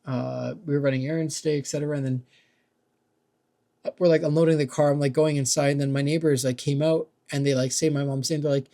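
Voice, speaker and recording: A man's voice: on the high side, steady tone, a little fast, warm tone. A young man ranting casually about his neighbors, rambling and swearing, with "like" and "dude" in every sentence. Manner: rambling, profane, heavy use of "like" and "dude". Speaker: vlogger. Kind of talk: casual rant.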